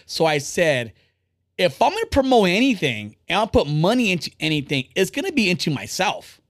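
A man hosting a casual podcast, talking fast and bluntly, rambling and swearing freely. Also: high voice, big pitch swings, no room sound, clean studio sound. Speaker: podcast host.

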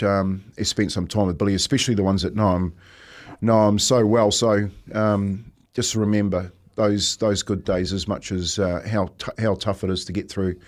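A man in his forties with a New Zealand accent, hosting breakfast radio and telling stories in a relaxed, reflective way, often saying "mate". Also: lowish voice. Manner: reflective storyteller, says "mate" often, chuckles. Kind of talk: casual radio chat.

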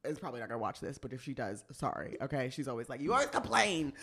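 A woman co-hosting a podcast in casual chat, telling stories in an animated way and laughing often. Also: extremely low pitch, rapid-fire, breathy edge. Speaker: podcast co-host.

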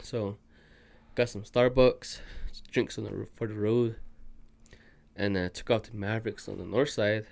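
A man's voice: on the low side, steady tone, normal speed, vocal fry, darkish tone. A man who is a podcast guest, telling a story casually and swearing freely. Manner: profane, peppered with "dude".

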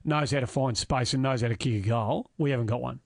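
A man's voice: medium pitch, fairly quick, gravelly, darkish tone, dry recording. Blunt Australian male co-host, matter-of-fact footy chat, mid-range voice, dry sound. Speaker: podcast co-host.

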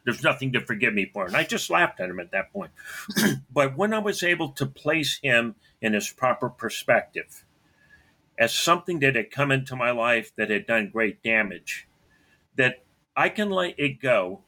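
Man with a bright, forceful voice. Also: mid-range voice, lively intonation, measured pace. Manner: frequent throat clearing, emphatic and earnest. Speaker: storyteller recounting his life. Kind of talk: personal storytelling.

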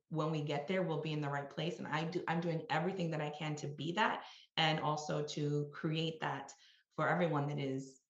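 A woman's voice: sits low, fairly bright tone. A middle-aged woman from New York, a guest executive, talking reflectively in a conversational interview and often adding "you know" and "right?". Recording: roomy, slightly dull sound.

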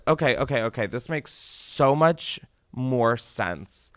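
A man's voice: on the high side, expressive, unhurried, few pauses, no room sound, clean studio sound. A young man hosting a call-in advice podcast, blunt and self-mocking, swearing freely and slipping into exaggerated mock voices. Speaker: podcast host answering call-in questions. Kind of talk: casual comedic advice chat.

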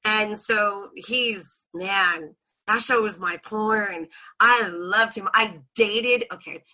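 A woman guest on a casual podcast, telling a story in an animated way, laughing often and acting out quotes. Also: medium pitch, takes it slowly.

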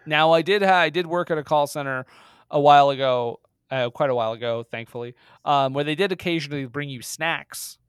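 A man's voice: fairly high pitch, brisk, clear, resonant tone, no room sound, clean studio sound. A man co-hosting a podcast, chatting casually about a film with lots of restarts. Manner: chatty, animated, many restarts. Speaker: podcast co-host.

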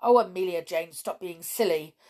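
A sensible toy boy who tells the others off, as a woman reads him. He speaks urgently in a raised voice, sharp and disapproving. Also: medium pitch, normal speed, natural voice. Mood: scolding. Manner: urgent and scolding.

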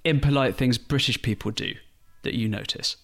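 A man's voice: medium pitch, moderate pace, gravelly, fairly bright tone, soft background music. A man co-hosting a podcast, introducing the guest in a playful, self-deprecating way. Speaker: podcast co-host.

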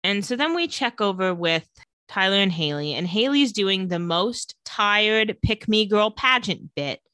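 A woman chats through a TV episode recap with a bright, forward tone. Her voice sits dry and close, with no room sound. She keeps slipping into quick acted-out quotes of the characters. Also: mid-range voice, no room sound. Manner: animated retelling with acted-out quotes. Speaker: podcast co-host recapping a TV episode. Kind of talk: casual chat.

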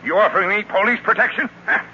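A man playing a gruff, suspicious older man in a 1940s radio drama, with a curt and blunt way of talking. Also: high voice, fast, pushed and bright, a little hiss or hum. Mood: grumpy. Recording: dull lo-fi old radio recording.

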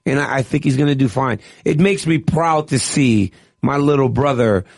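Male analyst co-host, earnest and reflective, mid pitch, dry studio sound. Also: moderate pace, vocal fry, dry recording. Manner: earnest, reflective, leans on "right?". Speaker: radio co-host and fight analyst. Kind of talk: sports radio talk.

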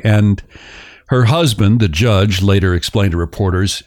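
A man's voice: on the low side, measured pace, darkish tone. A man hosting a podcast, telling a story in a casual, joking way. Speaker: podcast host.

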